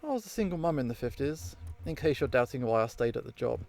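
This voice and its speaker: A man's voice: mid-range voice, big pitch swings, fast, vocal fry, darkish tone. A man voicing a blunt 1950s casino woman ghost who tells her story in dry, clipped noir style, over faint game music. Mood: grim.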